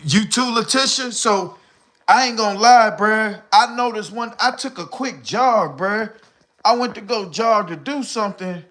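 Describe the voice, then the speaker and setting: A middle-aged man chats loosely through his live stream, slangy and rambling as he answers comments. He sounds short of breath, with a bright, forceful voice sitting a bit high. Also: a little slow. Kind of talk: casual live stream chat reading comments.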